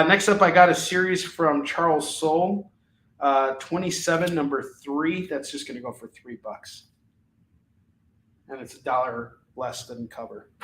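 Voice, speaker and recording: A man's voice: a little high, a bit bright, reverberant, slight background noise, poor audio. A man hosting a live shopping stream, casually rattling off comic books and their prices, with frequent fillers and restarts. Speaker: live shopping show host. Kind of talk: live comic sales pitch.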